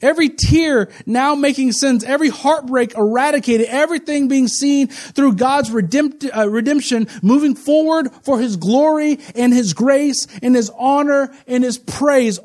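A man in his forties, a pastor with a notably high voice, delivers a sermon. He drops low and close for confiding asides, then draws out words slowly and loudly when he proclaims. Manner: swings from low, intimate asides to loud, slow, emphatic proclamation.

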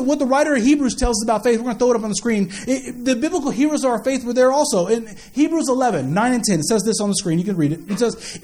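A man's voice: very high-pitched, darkish tone. A man, a young father, preaching a sermon with playful family stories and questions to the congregation. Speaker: pastor.

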